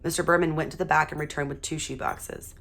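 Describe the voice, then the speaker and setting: A woman teacher reading a children's chapter book aloud in a steady, expressive way. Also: low-pitched, fast talker, creaky.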